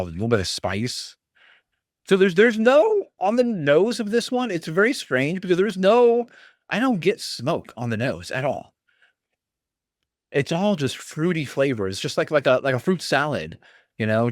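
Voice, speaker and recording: A man's voice: mid-range voice, dry recording, clean studio sound. A man hosting a podcast, talking casually and rambling with chuckles and fillers while tasting whiskey. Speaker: podcast host.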